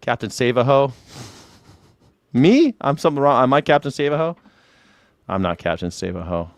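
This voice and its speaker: A man's voice: mid-range voice, expressive, fast, smooth, dry recording. A man hosting a casual call-in livestream, rambling and profane, boasting about himself in a joking way. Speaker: livestream host taking callers.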